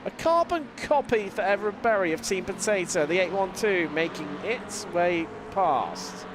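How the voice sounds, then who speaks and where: A man calling a sim race as a live commentator. He has a lingering cold, talks in a lively play-by-play with fillers and mid-sentence restarts. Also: high voice, moderate pace. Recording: voice over loud race car noise. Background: racing car engine sounds.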